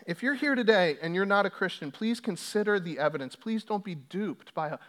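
Male pastor, high-pitched voice, sermon delivery with surging intensity on scripture quotes, church setting. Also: expressive, brisk, fairly bright tone. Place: church sanctuary.

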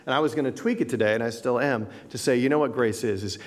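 A man giving a conversational sermon as pastor, animated and acting out people's inner thoughts. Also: medium pitch, fast talker. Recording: long hall reverb.

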